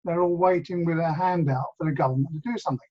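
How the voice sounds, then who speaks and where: Older man, webinar guest, frank, a bit weary, high voice, muffled call audio. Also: fast, a little hiss or hum. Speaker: webinar participant. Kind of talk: conversation on a video call. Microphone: video call.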